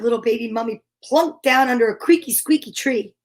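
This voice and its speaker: A woman reading children's picture books aloud on a live stream, expressive, with gasps and whispered sound effects. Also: fairly high pitch, brisk, gravelly, few pauses, slight background noise. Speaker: storyteller.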